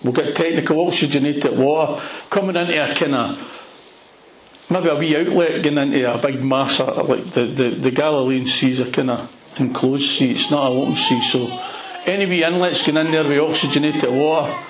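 A man with a Glasgow accent preaching a sermon, retelling a Bible story in an animated way with plenty of local slang. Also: a little high, moderate pace, reverberant, slight background noise, rough recording. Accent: Glaswegian Scottish. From Scotland. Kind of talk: expository sermon.

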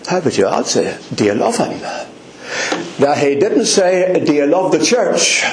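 Before a congregation in a church hall, a man preaches with fervent, repeated emphasis, speaking directly to members by name. His voice is fairly high, sing-song and unhurried. The recording has roomy hall echo and a little hiss or hum.

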